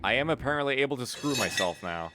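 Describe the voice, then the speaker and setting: A young man streams a video game, chatting casually at a fast clip in a mid-range voice, animated, profane and quick to laugh. It's easygoing gameplay commentary with game music and background noise behind him.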